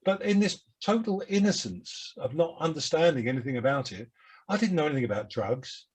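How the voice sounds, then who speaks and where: Husky older Cockney man reminiscing. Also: fairly high pitch, expressive, a little fast. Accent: London Cockney. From London, England. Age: 70s. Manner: rambling, self-deprecating storyteller. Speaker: guest musician. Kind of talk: reflective interview chat.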